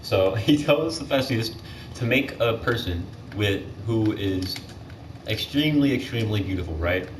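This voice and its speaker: A man's voice: fairly low pitch, normal speed. A teenage boy casually retelling myths while gaming, rambling with lots of fillers and self-corrections. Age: teens. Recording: distant mic with clear background noise.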